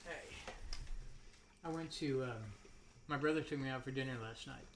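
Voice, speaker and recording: A man's voice: medium pitch, normal speed, fairly bright tone. A man hosting a casual chat with friends at home, rambling through funny stories and acting out the voices of people in them. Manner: rambling, laughing, acts out quoted voices. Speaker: podcast host. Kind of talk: casual storytelling among friends. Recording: noisy home recording.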